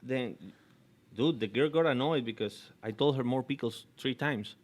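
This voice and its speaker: A man's voice: mid-range voice, moderate pace. A man co-hosting a podcast in casual chat, giving short agreeing replies and restarting his sentences. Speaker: podcast co-host.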